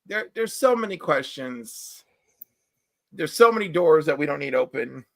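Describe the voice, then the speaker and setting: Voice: mid-range voice, animated, unhurried, vocal fry, no echo, studio quality. A co-host in casual chat, teasing and wry about old comic panels.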